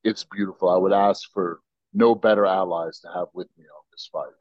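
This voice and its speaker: An American man, a podcast guest, telling stories and arguing his views in an animated, opinionated way. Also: sits low, fairly quick, dry recording, lo-fi sound. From United States. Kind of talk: casual podcast interview.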